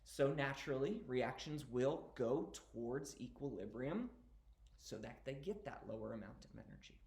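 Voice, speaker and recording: A man's voice: medium pitch, expressive, moderate pace, vocal fry, a little mellow, reverberant. A male teacher giving a casual recorded lecture, explaining step by step and often checking in with "okay?".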